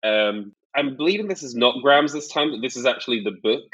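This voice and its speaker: A man's voice: medium pitch, brisk, slightly rough. Man recapping a book, dull lo-fi sound. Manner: animated storytelling, acts out quotes. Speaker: podcast co-host. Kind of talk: casual book-recap chat.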